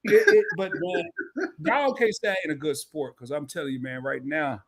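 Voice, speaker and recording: A man's voice: a little high, huge pitch swings, normal speed, gravelly, fairly bright tone. A man hosting a casual live-stream chat, joking and talking straight to his viewers while sore from a fall. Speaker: host.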